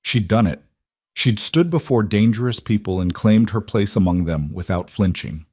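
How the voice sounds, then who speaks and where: Low-voiced male story narrator. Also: normal speed, a little mellow, husky, dry recording, studio quality. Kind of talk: scripted narration.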